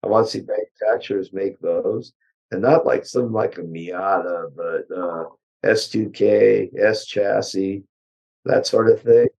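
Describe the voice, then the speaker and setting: An older man, a car engineer, chatting bluntly and ramblingly as an interview guest, his voice hoarse. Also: on the low side, measured pace, a little mellow, dull audio. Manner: blunt, rambling, with many fillers. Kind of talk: casual interview chat.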